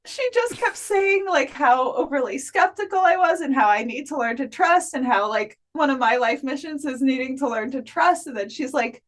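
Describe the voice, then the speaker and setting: Speaking at normal speed with few pauses, this afterlife researcher has a high-pitched voice. As a podcast guest in a relaxed interview, she laughs through a story and performs the dialogue with animation.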